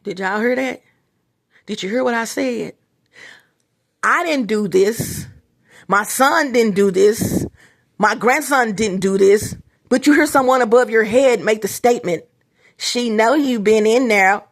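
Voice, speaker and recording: Middle-aged woman, vlogger, slightly high voice, rambling, repetitive, talks to viewers. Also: a little slow, long pauses. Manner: repetitive, restarts often, talks straight to viewers. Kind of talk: casual rambling monologue to viewers.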